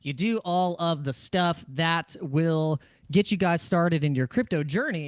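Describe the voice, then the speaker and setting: A man's voice: on the high side, no room sound, clean studio sound. A man hosting a casual crypto live stream, rambling and jokey, with frequent restarts and laughs. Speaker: crypto livestream host.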